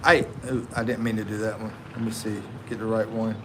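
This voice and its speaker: A man's voice: on the low side, flat delivery, noisy background. An American man hosting a casual livestream, chatting and laughing while reading out viewer comments. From United States. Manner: slow, laughing, chatty, drawn-out. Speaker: livestream host. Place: living in the Philippines.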